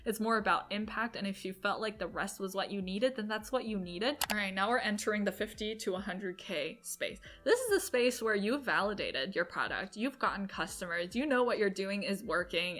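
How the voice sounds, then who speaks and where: A woman's voice: medium pitch, animated, fairly bright tone. A woman in her twenties giving chatty, upbeat business advice straight to camera. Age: 20s. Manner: chatty, upbeat, quick asides. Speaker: entrepreneur vlogger. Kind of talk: casual talk-to-camera advice.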